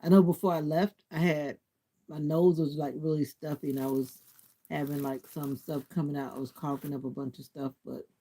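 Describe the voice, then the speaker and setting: On his livestream, a sleepy host with a slightly high, mellow voice chats casually with viewers at normal speed and a level tone. He sounds stuffy and congested, rambling while he snacks and reads the chat.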